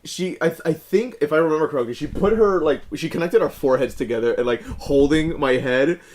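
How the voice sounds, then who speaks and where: A man's voice: a little high, fairly quick, darkish tone. A young man co-hosting a podcast, rambling through a story with lots of fillers and frequent laughter. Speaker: podcast co-host. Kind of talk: casual chat.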